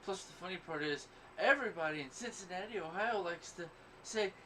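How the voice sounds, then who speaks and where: A man's voice: sits high, a little fast, sharp tone. Profane, boastful man, distant and noisy. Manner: profane, blunt, boastful storytelling. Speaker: podcast host. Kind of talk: crude casual chat. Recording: distant mic, noisy background.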